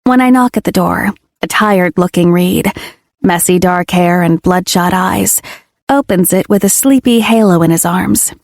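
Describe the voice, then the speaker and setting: A woman reading a first-person audiobook in a soft, intimate storytelling voice. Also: lowish voice, normal speed, dry recording, clean studio sound. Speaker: audiobook narrator.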